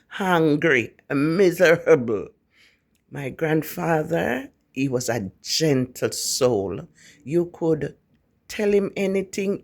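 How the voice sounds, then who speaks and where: A man with a Jamaican accent telling a ghost story in a casual, animated way, often repeating words. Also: a little high, gravelly.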